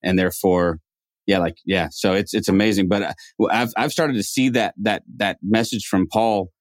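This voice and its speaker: Low voiced podcast host guy, reflective, keeps restarting, dry sound. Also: fairly even intonation, moderate pace, dry recording. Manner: reflective, restarts phrases often. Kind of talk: casual conversation.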